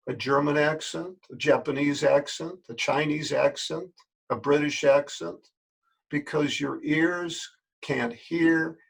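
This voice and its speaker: A man's voice: on the high side, creaky, breathy edge. An older man, a yoga teacher, talking straight to his listeners in a folksy, earnest way and repeating words for emphasis. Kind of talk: spoken address to camera.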